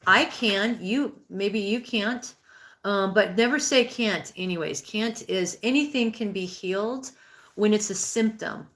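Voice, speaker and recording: A woman in her sixties hosts a live-streamed spiritual healing talk and responds to viewer comments. She speaks in an earnest, conversational way and often restarts her sentences. Her voice sits at an ordinary middle pitch for a woman. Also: a bit bright. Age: 60s. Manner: acts out inner thoughts in a raised, pleading voice.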